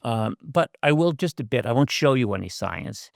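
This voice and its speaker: An older man gives a relaxed, conversational lecture over a video call, with a gravelly voice at a middling pitch. He adds wry, self-deprecating asides and fills his pauses with uhs. The sound is dry and close. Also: dry recording. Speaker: guest speaker, professor.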